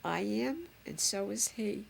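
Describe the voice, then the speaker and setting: A woman's voice: medium pitch, very animated, slow, creaky, slight background noise. An older woman, a grandmother reminiscing fondly in a chatty, rambling way. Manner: chatty, fond, rambling with fillers. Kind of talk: reminiscing home recording.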